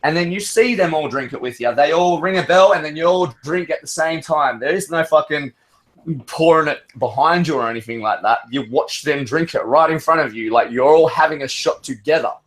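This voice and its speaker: A man's voice: fairly high pitch, a little fast, a bit bright. A man on an open-mic call, telling a long, rambling story in casual chat and swearing freely. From Australia. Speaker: caller.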